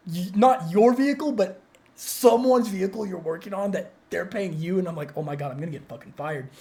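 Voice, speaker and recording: A man's voice: sits high, a little mellow. Young guy cohosting a podcast, swears a ton, rambly and worked up, keeps restarting sentences. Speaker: podcast co-host. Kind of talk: casual storytelling chat.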